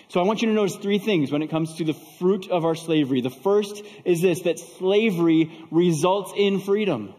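A male pastor delivers a sermon, telling a story and then preaching with fervent rhetorical questions. His voice sits slightly high for a man. A long church-hall reverb trails each phrase. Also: moderate pace, few pauses, a little mellow.

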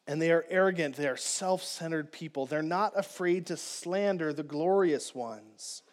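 A man with a notably high voice preaches a sermon in a conversational, animated way. He talks to his listeners directly as a pastor would, leaning on questions and plain examples. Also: moderate pace.

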